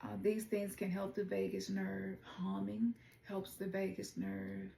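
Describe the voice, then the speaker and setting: A middle-aged woman with a Memphis Southern accent chats informally through an oracle card reading, calling her viewers y'all. Her voice has a gravelly edge. The sound is roomy, with a clear echo around her. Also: medium pitch, completely flat delivery, unhurried, warm tone, slight background noise. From Memphis, Tennessee. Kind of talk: casual spiritual card reading.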